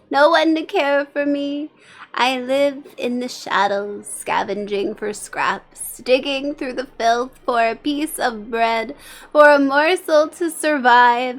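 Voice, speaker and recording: A woman voicing a scheming male Gollum-like bishop, who preaches a sermon in a drawn-out, hissing, wheedling way. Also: high voice, pitched above the performer's own voice. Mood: pleading. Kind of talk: fire-and-brimstone sermon role-play.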